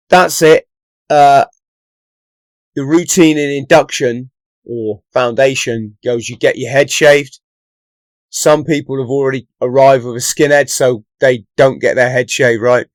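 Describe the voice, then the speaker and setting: A man's voice: mid-range voice, dry recording. A man from England, born in London and raised in the Southwest, a former commando telling stories to camera in a chatty way, often checking in with "right?". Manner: chatty, keeps adding "right?" tag questions. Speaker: former Royal Marines commando, channel host. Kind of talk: casual storytelling to camera.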